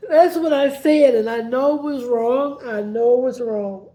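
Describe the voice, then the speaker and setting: A woman's voice: high-pitched, a little slow, mellow. A woman telling a painful personal story in a rambling way, heated at first and then subdued, sometimes tearful.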